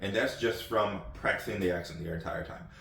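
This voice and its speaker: Deep-voiced man rambling in an echoey room. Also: fairly quick, bright, forceful tone, a little hiss or hum. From United States. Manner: rambling, many ums and repeated words. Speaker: channel host. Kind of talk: casual off-the-cuff talk. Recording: echoey room, distant mic.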